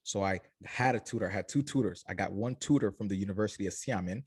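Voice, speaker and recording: Low-voiced man telling his story. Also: quick pace, husky, no echo, studio quality. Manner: animated storyteller, acts out family voices. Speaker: shoe company founder.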